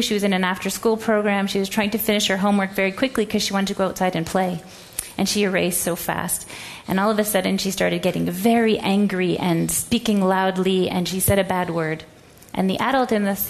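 Woman, educator, presentation talk, animated storytelling, middle pitch. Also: fairly quick, hardly any pauses. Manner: storytelling, acts out quoted voices.

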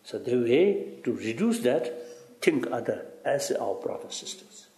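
A man giving halting, reflective interview answers in broken English, often repeating "you see" and chuckling. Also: medium pitch, big pitch swings, mellow, roomy sound. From Tibet. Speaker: interviewee, spiritual teacher.

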